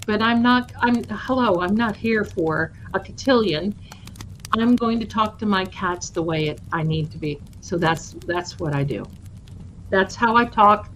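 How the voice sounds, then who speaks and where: Woman hosting a relaxed live stream, warm and talkative, unhurried delivery, faint room noise behind. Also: medium pitch, low-quality recording. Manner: chatty, affectionate, calls viewers my darlings. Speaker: host of a tarot channel livestream. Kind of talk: casual livestream chat.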